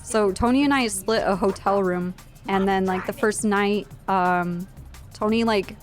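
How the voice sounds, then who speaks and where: A young woman streamer chats casually, telling a long story in a blunt, profane way, padded with fillers. Her voice sits at an ordinary middle pitch. Faint music plays behind her. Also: unhurried. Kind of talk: casual storytelling while live streaming a game.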